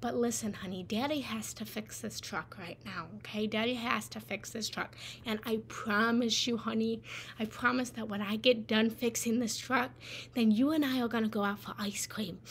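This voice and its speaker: A busy but loving father gently reassures his little one and calls her honey, as a woman acts him out in her own fairly high voice. His tone is patient and soothing, with faint noise behind. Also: moderate pace. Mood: reassuring.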